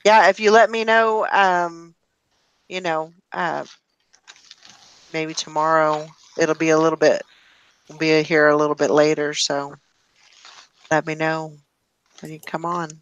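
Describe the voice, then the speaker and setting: A woman hosting a casual group chat on a live call, talking in a relaxed, rambling way with plenty of fillers. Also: sits low, unhurried, long pauses, clean tone, dull audio. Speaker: host.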